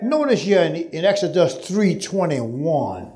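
A high-pitched man delivers a sermon in a large church hall. He builds to shouted lines and draws calls back from the congregation, whose noise fills the background. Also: expressive, unhurried, hardly any pauses, a crowd in the background. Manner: call-and-response, rising to shouts. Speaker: preacher.

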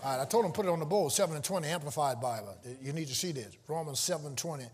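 A man preaching a sermon to a live congregation, calling out questions, teasing the listeners and rising into shouts. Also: on the high side, very fast, breathy edge. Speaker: pastor. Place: church before a live congregation.

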